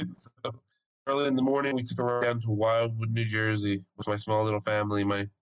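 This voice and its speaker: His voice is fairly low and clean in tone, moving at a moderate pace, though the recording itself is rough. He's a young podcast co-host telling a story in casual conversation, animated, swearing and laughing often.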